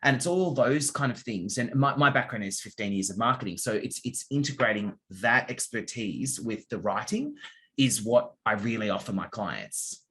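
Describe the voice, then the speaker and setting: A man's voice: medium pitch, expressive, fairly bright tone. Man explaining copywriting in an interview. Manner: explains with examples, acting out readers' reactions in quick asides. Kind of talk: casual interview answers.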